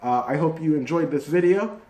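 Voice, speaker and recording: A man's voice: fairly high pitch, moderate pace, dark tone. A man giving a casual, rambling video review of a TV season, full of fillers and restarts. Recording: echoey room.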